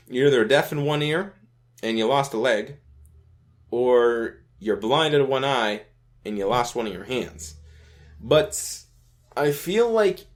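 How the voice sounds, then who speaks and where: Young male gaming host, laid-back rambling delivery, ordinary mid-range voice. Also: medium pitch. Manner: rambling and laid-back, keeps adding "you know what I mean", swears casually. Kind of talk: casual commentary on a browser game.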